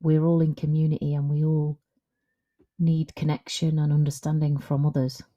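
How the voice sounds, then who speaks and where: Low-voiced woman coaching, frank. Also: normal speed, lo-fi sound. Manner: frank, conversational, animated. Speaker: confidence coach. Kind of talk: solo podcast monologue.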